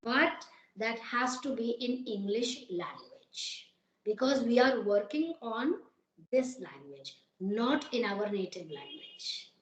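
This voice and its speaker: A woman's voice: fairly high pitch, expressive, slow, reverberant, rough recording. A woman from Uttar Pradesh with an Indian accent, an English teacher giving advice in a conversation, asking many rhetorical questions.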